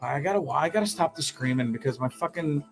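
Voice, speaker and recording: A man hosting a comedic live show, telling stories in a rambling, profane, animated way. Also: fairly high pitch, normal speed, gravelly, faint music behind. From Canada. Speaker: host.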